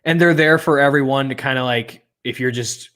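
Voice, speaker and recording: A man's voice: mid-range voice, normal speed, fairly bright tone, clear, resonant tone. Laid-back joking young man. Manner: laid-back, joking, trails off mid-sentence. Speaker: podcast co-host. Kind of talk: casual chat ranking party foods.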